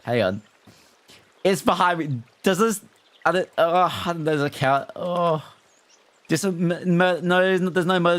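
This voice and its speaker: A high, fairly bright voice belongs to a man, not American, who is streaming live. He keeps up a relaxed, animated conversation with his audience, reading their messages aloud as he goes.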